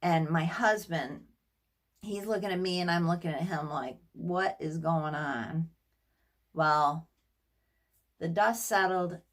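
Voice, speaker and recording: A middle-aged woman telling a personal story to her audience in a casual, animated way, acting out what others said and laughing now and then. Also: lowish voice. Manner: animated, acts out quotes, laughs often. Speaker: therapist sharing a personal story.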